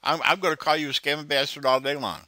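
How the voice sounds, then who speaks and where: A man's voice: on the high side, fairly even intonation, fast, crowd noise. A man taunting a phone scammer with profane, exasperated insults in a casual call. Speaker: scam baiter.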